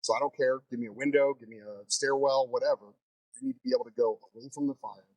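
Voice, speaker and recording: A man who teaches fire training, telling stories in a casual interview in a lively way. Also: medium pitch, fast talker, no room sound, rough recording. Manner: animated storyteller.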